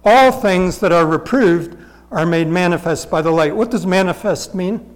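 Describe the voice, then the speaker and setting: A man with a high voice delivers a sermon in a church. He talks in a plain, conversational way, yet he hammers each point with insistent repetition. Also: moderate pace, poor audio. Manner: earnest, conversational teaching with emphatic repetition. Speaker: preacher.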